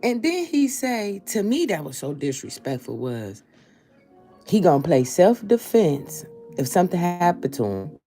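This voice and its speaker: A woman's voice: fairly low pitch, big pitch swings, measured pace, mellow, soft background music. A woman hosting opinion commentary, emphatic and repeating her points for stress. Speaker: commentary show host.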